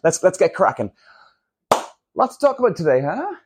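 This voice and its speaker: A man's voice: sits high, big pitch swings, moderate pace, noisy background. A man hosting a casual solo podcast, talking bluntly and swearing freely as he rants. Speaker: podcast host.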